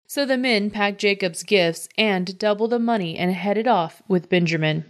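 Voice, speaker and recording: A woman reading a scripture passage aloud in an even, measured narration. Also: medium pitch. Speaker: Bible reader.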